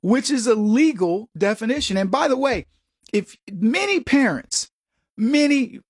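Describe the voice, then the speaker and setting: A man's voice: extremely high pitch, lively intonation, moderate pace, darkish tone, dry recording, clean studio sound. A male radio talk show host delivering a political monologue in a conversational, emphatic way, often chuckling at his own asides.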